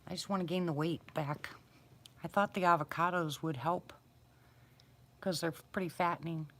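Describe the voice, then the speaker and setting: A woman's voice: fairly low pitch, fairly even intonation, moderate pace, fairly bright tone. A middle-aged woman hosting a casual livestream, chatting and answering viewers by name. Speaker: livestream host. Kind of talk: casual live chat with viewers.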